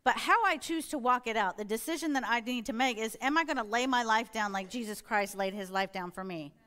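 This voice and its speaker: A woman's voice: fairly high pitch, brisk, a bit bright. A middle-aged woman, a church elder, giving an earnest sermon-style testimony and acting out her own inner dialogue as she tells her story.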